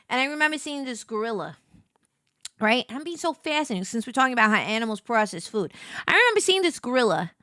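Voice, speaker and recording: A woman streamer chatting casually while playing a game, telling stories in an animated way. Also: high voice, dry recording, clean studio sound. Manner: animated storytelling with laughs. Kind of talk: casual chat while gaming.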